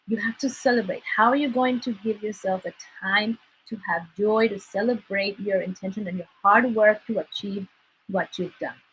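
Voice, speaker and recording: A woman coaching a live-streamed workshop in an earnest, encouraging way, leaning on repeated words to press her point. Her voice sits at an ordinary middle pitch. A faint noise runs under the recording. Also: a bit bright, poor audio. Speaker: life coach leading a workshop. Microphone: livestream mic.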